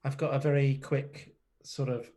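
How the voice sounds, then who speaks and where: A man as a comedy guest on a video call, pushing back in a dry, deadpan way. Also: medium pitch, moderate pace. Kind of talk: improvised comedy bit.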